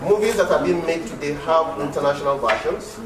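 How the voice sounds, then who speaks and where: A man's voice: on the high side, brisk, crowd noise. A man on a panel at a film event, talking emphatically and repeating words. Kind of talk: panel discussion remarks. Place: large hall at a film event. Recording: echoey hall from far off with noise.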